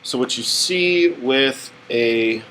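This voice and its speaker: A man's voice: mid-range voice, slow pace, a bit bright, a little hiss or hum, low-quality recording. A man teaching a math lesson, rambling and correcting himself as he draws on the board. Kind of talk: classroom lecture.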